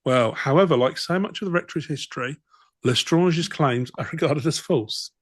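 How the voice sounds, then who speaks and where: A man's voice: a little high, normal speed, breathy edge, dry recording. A man co-hosting a comedy podcast, reading passages aloud and breaking off for wry, dry comments. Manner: dry, wry, reads in bursts then riffs. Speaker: podcast co-host. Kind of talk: reading a document aloud with comic asides.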